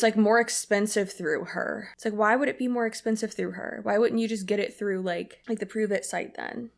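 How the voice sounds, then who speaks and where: A woman's voice: medium pitch, gravelly. A young woman, a commentary channel host, talking in a chatty, emotional way full of "like" fillers. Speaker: commentary YouTuber. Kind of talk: casual commentary.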